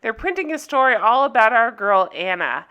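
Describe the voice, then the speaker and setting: A woman's voice: on the high side, very animated, moderate pace, pushed and bright, smooth. A woman hosting a casual TV recap vlog, chatty and giggly. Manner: chatty, giggly, keeps slipping into joke voices. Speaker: TV recap vlogger.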